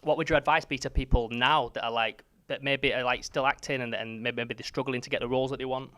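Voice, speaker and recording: A man's voice: mid-range voice, fairly even intonation, quick pace, sharp tone, no room sound. A man, hosting a casual interview in a chummy, teasing way. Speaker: interviewer, show host.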